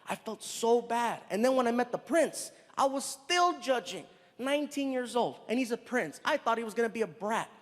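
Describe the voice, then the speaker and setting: A man in his thirties doing stand-up comedy storytelling, animated and breaking into loud character voices. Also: very high voice, normal speed. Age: 30s. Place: stage in a large venue. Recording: reverberant venue, faint noise.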